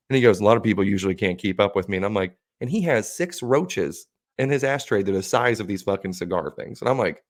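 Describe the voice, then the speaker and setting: Low-voiced man telling a rambling story. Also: quick pace, dry recording, studio quality. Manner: rambling, profane, animated quoting of others. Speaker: podcast co-host. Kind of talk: casual storytelling chat.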